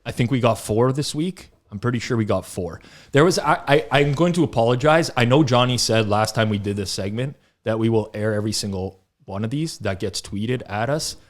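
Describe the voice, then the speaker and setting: A man talking casually as co-host of a sports betting podcast, his voice at an ordinary middle pitch for a man. He tells stories with energy, breaks into laughter and puts on quick voices for the people he quotes. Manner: animated storyteller, laughs often, acts out quotes. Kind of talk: casual chat.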